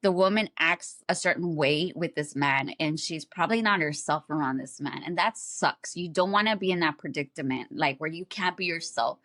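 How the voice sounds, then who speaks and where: A woman hosting a podcast, telling stories and giving blunt advice in a casual, animated and profane way, speaking straight to her listeners. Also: sits low, moderate pace, hardly any pauses, no echo, studio quality. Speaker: podcast host. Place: at home, wrapped in a blanket.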